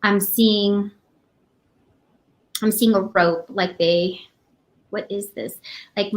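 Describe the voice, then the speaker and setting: Woman, psychic reader, halting delivery, emotional, many restarts. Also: medium pitch. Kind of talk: live psychic reading.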